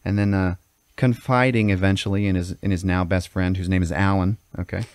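A man with a very low voice tells a story on a podcast in a casual, profane way. He keeps stopping to check in with "okay?" and "all right?". The sound is dry and close. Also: steady tone, a little fast, dry recording. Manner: swears constantly, checks in with "okay?". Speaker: podcast host telling a story. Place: podcast studio.

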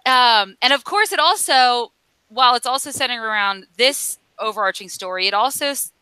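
A woman co-hosting a laid-back comic book podcast, talking through the story in a loose, rambling way with plenty of ums. Her voice is bright and crisp, and the sound is dry and close. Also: a little high, animated, a little fast, no echo, poor audio. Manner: chatty, rambling recap with fillers. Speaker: podcast co-host. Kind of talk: casual comic book discussion.

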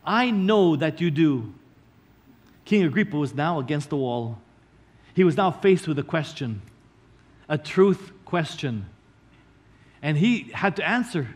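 High-voiced pastor man preaching earnestly. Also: husky. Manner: earnest, explaining scripture line by line, slowing down to stress key words. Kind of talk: sermon.

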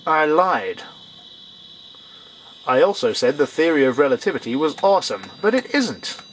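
A man's voice: on the high side, big pitch swings, normal speed, a bit bright, slightly rough. A man commentating a horror game, sarcastic and shrieking when startled. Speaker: let's play gamer.

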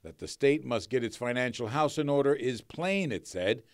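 A man reporting a broadcast news story in a measured, slightly wry delivery. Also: mid-range voice, animated, no room sound, clean studio sound.

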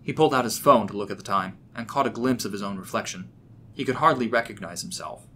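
A man narrating a horror story in a steady, expressive storytelling manner. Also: on the low side, quick pace, slight background noise.

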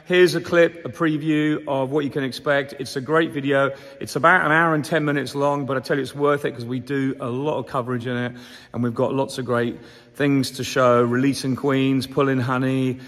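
A man's voice: mid-range voice, level tone, moderate pace, fairly bright tone. A middle-aged man hosts a casual beekeeping vlog, upbeat and rambling with plenty of fillers. His throat sounds a little sore. The honey house around him gives his voice a long, ringing reverb. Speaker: commercial beekeeper and channel host.

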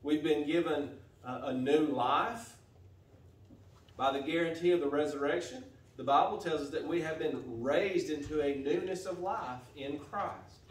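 A man preaching a sermon as pastor, steady and earnest, often repeating and restarting phrases. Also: a little high, unhurried. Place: church sanctuary. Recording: echoey church from a distance.

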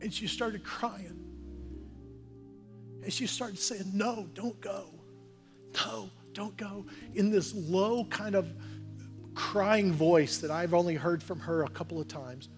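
A man preaching a sermon as pastor in a church, talking earnestly and conversationally, building to forceful exhortation. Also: high-pitched, takes it slowly, pauses often, soft background music. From Oklahoma, USA. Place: church sanctuary.

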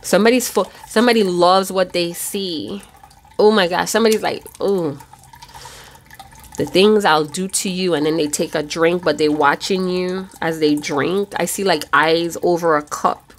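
A woman's voice: on the low side, steady tone, normal speed, a little hiss or hum. A woman giving a casual tarot reading, chatty and loose, with casual swearing. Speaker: tarot reader.

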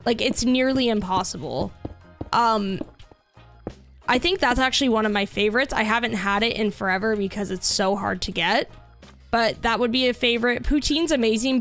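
Chatty woman, fairly high voice. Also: a bit bright. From Canada. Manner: chatty, lots of "like", reacts to gameplay. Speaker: streamer. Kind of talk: casual live-stream chat while gaming. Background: faint background music.

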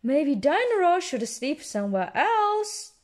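A woman's voice: sits high, very animated, slow, pitched above the performer's own voice, exaggerated voice. A woman voicing a jolly father pig in a children's storybook reading, cheery and a little fussy.

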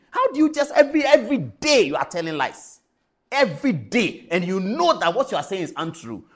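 A man's voice: sits high, slightly rough. A middle-aged man with a Ghanaian English accent, a TV talk show host delivering impassioned political commentary, emphatic and repeating phrases for effect.

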